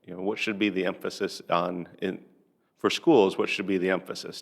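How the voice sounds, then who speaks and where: A man with a lowish, gravelly voice leads a speaking-practice lesson. He asks one question at a time, measured and patient, leaving room for an answer. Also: little pitch movement. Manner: measured, pausing between questions. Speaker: English teacher. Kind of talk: asking practice conversation questions.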